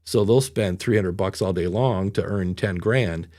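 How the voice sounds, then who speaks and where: Middle-aged guy hosting a podcast, kinda low voice, rambly storytelling, pokes fun at himself. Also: measured pace, warm tone. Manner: rambling, self-deprecating storyteller. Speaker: podcast host. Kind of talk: casual podcast chat.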